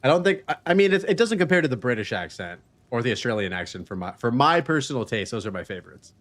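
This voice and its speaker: A man's voice: mid-range voice, big pitch swings, quick pace, a bit bright. A man streaming a video game, chatting casually, joking and laughing often as he reads chat messages aloud.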